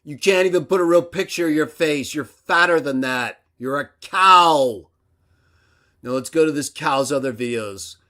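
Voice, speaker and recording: A man hosting a livestream, delivering an aggressive rant that swings between loud outbursts and low muttering. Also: moderate pace. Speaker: livestream host.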